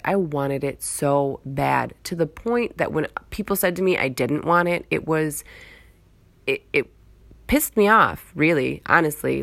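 A woman's voice: low voice, gravelly, dry recording. A woman giving a casual motivational talk, earnest and rambling, repeating phrases for emphasis. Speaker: motivational speaker.

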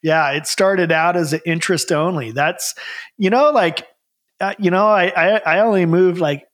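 A man's voice: high-pitched, normal speed, fairly bright tone. A man telling the story of his business in a casual interview, rambling with lots of fillers and restarts.

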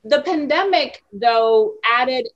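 A woman in her thirties hosts a casual conversation, telling candid stories with lively energy and easy laughter. Her voice sits a little high, and the recording has a slightly dull, lo-fi quality. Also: takes it slowly. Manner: candid, animated storyteller who laughs easily. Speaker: host. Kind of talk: casual podcast chat.

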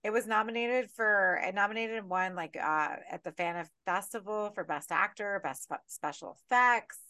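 A woman co-hosting a horror podcast in casual chat. She talks with animated energy and swears freely through her rants. The recording is dry and close. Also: mid-range voice, moderate pace, no room sound. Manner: animated, profane, ranting. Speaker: podcast co-host.

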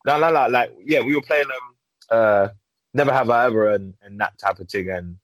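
A man's voice: medium pitch, normal speed, no echo, low-quality recording. A young man, telling stories in slang in a casual podcast chat. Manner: slangy, storytelling. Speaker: podcast co-host.

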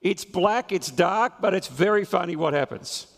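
A man preaching a sermon, retelling a scripture story with lively storytelling and chuckles at his own jokes. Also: high voice, normal speed, vocal fry, long reverb tail.

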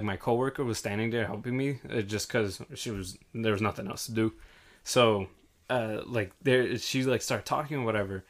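A young man telling a lively story in casual chat, acting out the people in it and swearing freely. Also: mid-range voice. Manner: animated, acts out quoted voices, swears freely. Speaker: hotel front desk worker.

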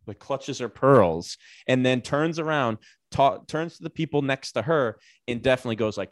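A man's voice: mid-range voice, normal speed, dry recording. A man casually telling a comic, profane story on a podcast, acting out the people in it. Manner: animated, profane, acts out quoted voices.

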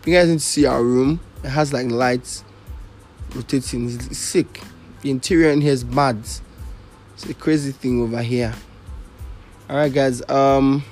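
A young man co-hosts a podcast in loose, joking, profane banter. His voice sits at an ordinary pitch for a man. Faint music plays quietly under the talk. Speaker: podcast co-host. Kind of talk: casual chat.

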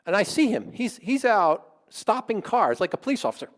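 A pastor telling a story in his sermon, in a conversational and animated way. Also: high voice, a little fast.

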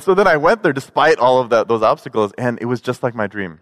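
A male pastor preaching in a loose, chatty way, slipping jokes between scripture readings. His voice sits at an ordinary middle pitch. Long reverb from a big hall trails every phrase. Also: lively intonation, fast talker, a bit bright. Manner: conversational, joking storytelling. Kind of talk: sermon.

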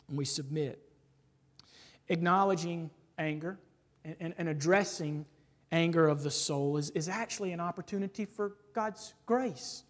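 This pastor delivers a sermon full of rhetorical questions capped with "right?", swinging from loud emphasis to hushed asides. He speaks at a fairly high pitch and moderate pace, expressively, with a big-room sound.

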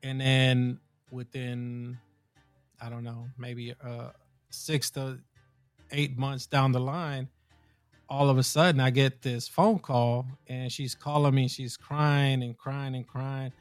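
A man hosting a podcast, telling a long story in a rambling, casual way and getting animated when indignant. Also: medium pitch, slow pace, clear, resonant tone, dry recording, faint music behind. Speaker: podcast host. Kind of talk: casual conversation.

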